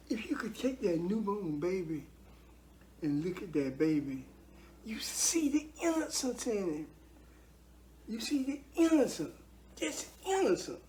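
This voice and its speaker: A man's voice: a little high, mellow, a little hiss or hum. An older man giving a heartfelt spoken testimony about his faith, earnest and preachy, repeating himself for emphasis.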